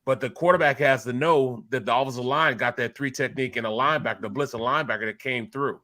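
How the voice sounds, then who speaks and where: A man's voice: medium pitch, fast, bright, forceful tone. A man with a Philadelphia accent, co-hosting a casual sports talk show and telling a story with animation, repeating words as he gets worked up.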